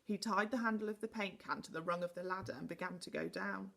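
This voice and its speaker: A woman teacher reading a children's storybook aloud with animated, expressive delivery. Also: lowish voice, quick pace, creaky.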